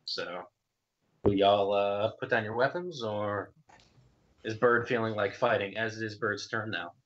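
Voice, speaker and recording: A man's voice: fairly low pitch, moderate pace, fairly bright tone. A young man running a tabletop game as game master, narrating in a loose, hesitant way with many fillers, on dull lo-fi stream audio.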